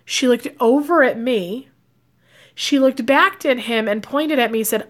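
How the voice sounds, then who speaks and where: Speaking at a measured pace in a voice on the high side, a psychic and life coach gives her viewers casual advice to camera. She is chatty, fills her speech with fillers and acts out quoted lines.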